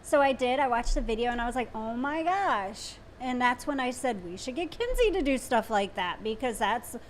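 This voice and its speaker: A woman's voice: a little high, animated, a little fast, slight background noise. Bubbly woman gushing on a live chat. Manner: bubbly and gushing, laughs easily. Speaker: co-host. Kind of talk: casual live-stream chat.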